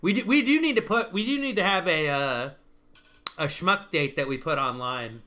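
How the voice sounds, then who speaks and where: A man's voice: a little high, animated, moderate pace, bright, forceful tone. A man hosting a casual online chat, rambling with restarts and frequent laughter. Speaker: stream host.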